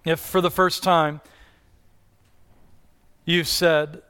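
A man's voice: a little high, flat delivery, extremely slow, pushed and bright, smooth. A man preaching a sermon in an earnest style, with rising and falling delivery and repeated questions to the congregation. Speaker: pastor.

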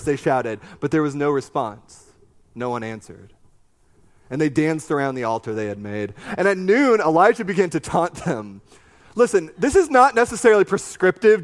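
A man delivers a sermon in a higher-pitched voice, moving between scripture reading and lively, conversational commentary. He talks to his listeners directly and slips in jokey asides. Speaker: pastor.

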